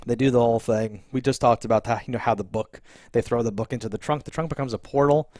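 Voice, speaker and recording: A man co-hosting a casual TV review chat, animated and laughing often as he acts out scenes. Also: mid-range voice, fast talker, dry recording, clean studio sound. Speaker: podcast co-host.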